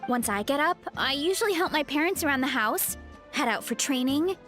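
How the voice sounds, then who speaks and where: A woman's voice: high-pitched, animated, fairly quick, a bit bright. A woman voicing a friendly, easygoing young woman athlete in a video game. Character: cheerful young woman athlete, sleepy mornings. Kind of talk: game voice acting. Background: game music.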